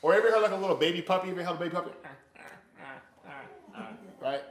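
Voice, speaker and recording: A high-pitched man speaks at a quick pace, asking his Bible study group questions as he tells stories. He plays out small voices and sound effects like an animated storyteller. The space is echoey.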